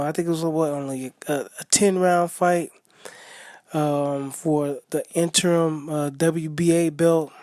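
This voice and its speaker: A man's voice: fairly high pitch, a little mellow, no room sound, studio quality. A man giving a casual, rambling monologue, full of fillers and restarts. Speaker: boxing commentator vlogger.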